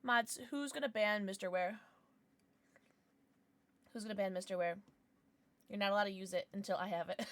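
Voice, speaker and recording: A woman's voice: medium pitch, lively intonation, moderate pace, pauses often, fairly bright tone. A woman hosting a casual livestream, bubbly and chatty as she greets her viewers by name and blows them kisses. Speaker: livestream host.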